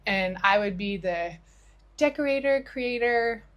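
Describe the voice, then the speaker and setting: A middle-aged podcast co-host chats casually and relays a conversation with a friend, starting over a few times. Her voice sits a little high and sounds animated and unhurried, though the audio is dull.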